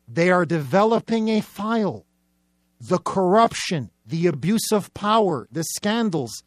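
Combative high-voiced radio host, dry studio. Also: male voice, no echo. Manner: combative, mocking, repetitive rhetorical build-ups. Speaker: radio talk show host. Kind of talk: political talk radio monologue.

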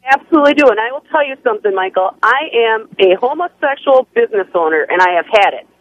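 A woman from Wisconsin calling into a radio talk show, blunt and emphatic, quick to laugh. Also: on the high side, animated, no echo. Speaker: caller. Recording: muffled phone line.

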